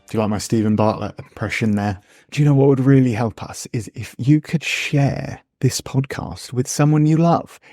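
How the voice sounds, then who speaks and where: A man's voice: mid-range voice, warm tone, no echo, clean studio sound, lightly acted. A man doing an eager podcast host impression. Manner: punchy, pleading, jokey. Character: upbeat male podcast host making a promo plea.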